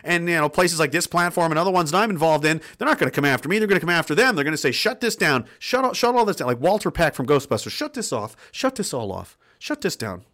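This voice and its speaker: A man's voice: a little high, lively intonation, racing, few pauses, fairly bright tone. A man giving an angry, sarcastic political rant on a livestream, swearing often and mocking others in quoted asides. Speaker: political commentary streamer. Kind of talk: ranting livestream commentary.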